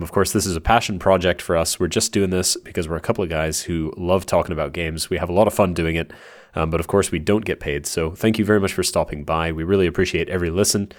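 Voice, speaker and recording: A man hosting a casual gaming podcast at a desk microphone, who swears and keeps laughing through botched intros. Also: low voice. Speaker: podcast host.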